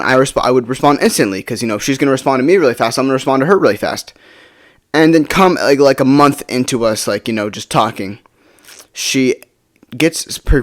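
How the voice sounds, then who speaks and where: A teenage boy from the United States telling a casual storytime, rambling with lots of fillers and swearing. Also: mid-range voice.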